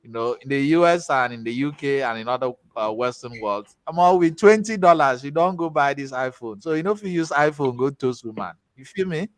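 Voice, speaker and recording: A man from Nigeria with a Nigerian accent, teaching a tech class in a chatty, animated way with pidgin asides. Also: mid-range voice, fairly quick, few pauses, dry recording. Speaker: tech instructor. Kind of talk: casual class talk with storytelling.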